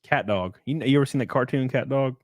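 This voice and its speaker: A man's voice: mid-range voice, fast, dry recording. A young man, a streamer and podcast host, chatting casually in a joking, teasing way. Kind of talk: casual chat.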